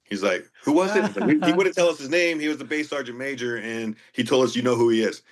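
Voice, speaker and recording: A man's voice: medium pitch, quick pace. A man, a former Marine guest, telling profane war stories in casual chat. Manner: profane, animated storyteller. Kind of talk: casual storytelling.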